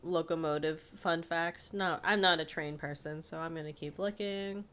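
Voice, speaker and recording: A woman's voice: sits low, fairly even intonation, normal speed, fairly bright tone, smooth. A woman co-hosting a podcast, chatting casually about a cartoon and reading trivia aloud with frequent laughter. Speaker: podcast co-host.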